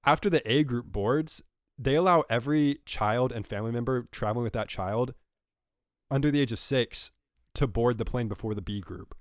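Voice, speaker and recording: A young man co-hosting a podcast rambles through stories in casual chat, correcting himself as he goes, while recovering from a cold. His mid-range voice moves at normal speed, and the recording is dry with clean studio sound.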